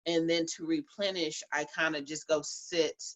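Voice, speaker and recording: A woman's voice: low voice, fairly even intonation, moderate pace. A woman who runs a Reiki and herbal business, answering interview questions in a blunt, chatty way and laughing often.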